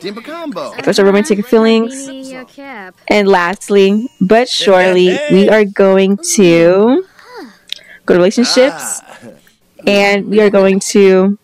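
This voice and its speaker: A woman's voice: mid-range voice, slow pace, long pauses, a little mellow. A young woman giving casual, chatty commentary on a life-simulation game, exclaiming often and voicing what the characters think. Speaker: gameplay vlogger.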